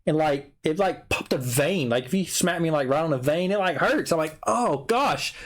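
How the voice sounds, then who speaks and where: A man's voice: fairly high pitch, a little fast. Laughing man telling stories. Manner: animated storyteller, laughs often, acts out his own quotes. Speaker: podcast host. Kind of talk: casual chat.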